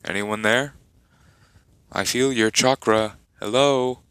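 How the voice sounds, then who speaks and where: A man playing an age-old being who has cast off all feeling, speaking calmly and formally in a soulless voice. The lines come slowly and dryly, with no warmth. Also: lowish voice, smooth, no echo. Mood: detached. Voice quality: soulless flat tone. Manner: calm, formal, detached. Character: ancient emotionless male being, childlike look.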